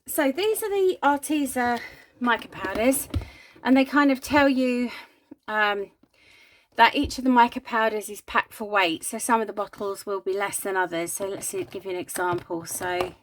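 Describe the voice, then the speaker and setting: A woman hosting a casual crafting vlog from her home craft room, chatty and giggly, a little breathy from asthma. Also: a little high, moderate pace, slight background noise. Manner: chatty, giggly, rambling with many ums. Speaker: craft channel host.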